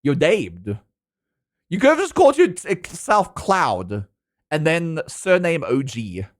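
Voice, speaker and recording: A young South African man streaming, with a lively, swooping voice that sits a touch high. He chats casually with his viewers, playful and quick to laugh. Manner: chatty and giggly, laughs often, playful. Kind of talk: casual chat with a live stream audience.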